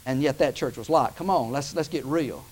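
A man's voice: medium pitch, normal speed, a little mellow, husky. A man preaching a sermon, building to emphatic peaks and stretching out key phrases.

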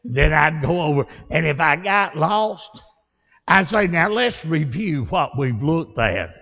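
A man with a Southern accent preaching a sermon, telling folksy stories and rising to shouts. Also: fairly high pitch, animated, unhurried. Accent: Southern American. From Alabama. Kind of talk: sermon with storytelling. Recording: lo-fi, long reverb of a church hall.

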